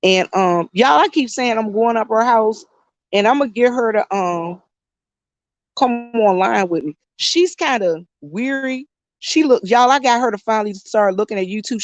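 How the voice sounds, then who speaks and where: Chatty high-voiced woman in her fifties. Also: dry recording. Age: 50s. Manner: chatty storyteller, laughs often, addresses viewers as y'all. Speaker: YouTube vlogger. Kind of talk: casual chat to viewers.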